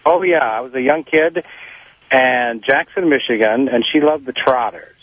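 A man calling in to a radio talk show and telling a story quickly and eagerly. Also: medium pitch, slightly rough, no echo. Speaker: caller. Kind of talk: call-in radio chat. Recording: dull phone line.

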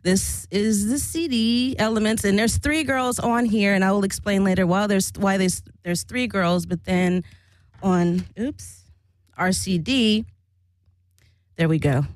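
A woman's voice: medium pitch, a little slow, no echo. Rambling, laughing woman chatting to camera. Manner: rambling, frank and profane, laughs often. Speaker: vlogger recalling her old band. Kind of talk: casual chat to camera.

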